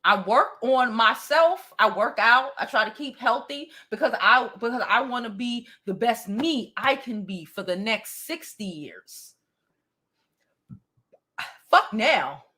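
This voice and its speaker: A woman's voice: a little high, a little slow, hardly any pauses, pushed and bright. A woman in her forties hosting a beauty livestream, reading out comments and replying bluntly and directly, swearing freely. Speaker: beauty channel host.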